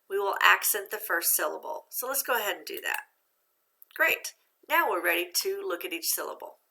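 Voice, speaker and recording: Bright, gravelly-voiced woman teacher. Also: on the low side. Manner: patient, encouraging, asks and answers its own questions. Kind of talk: phonics lesson for young students.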